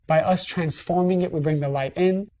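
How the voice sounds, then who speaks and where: A woman's voice: lowish voice, steady tone, moderate pace, highs cut off. A woman teaching a spiritual lesson in a conversational style, speaking directly to her listeners. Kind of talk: recorded lecture.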